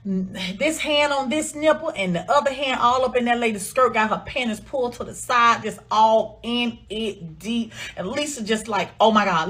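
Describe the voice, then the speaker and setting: A woman with a fairly high, fairly bright voice casually narrates a steamy story. She retells it dramatically and at length, quoting dialogue and dropping to a murmur when voicing characters.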